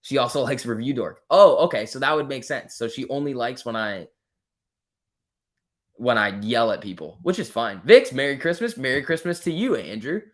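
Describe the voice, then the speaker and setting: A man's voice: medium pitch, lively intonation, moderate pace, a bit bright. Male stream host, mid-range voice, casual, joking, talks straight to chat. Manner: chatty, reads viewer comments aloud and answers them; joking, lightly teasing. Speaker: livestream host.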